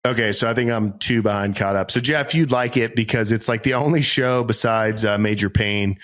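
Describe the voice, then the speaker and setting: A man in his thirties from Worcester, Massachusetts, co-hosting a podcast and telling stories in casual chat, acting out both sides of a conversation in a raised, animated voice. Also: on the low side, moderate pace. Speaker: podcast co-host.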